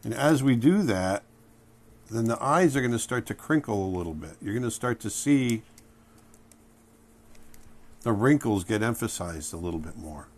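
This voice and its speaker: Low-voiced man teaching drawing. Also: normal speed, long pauses. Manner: relaxed, thinking aloud while drawing. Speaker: drawing instructor. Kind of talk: drawing tutorial narration.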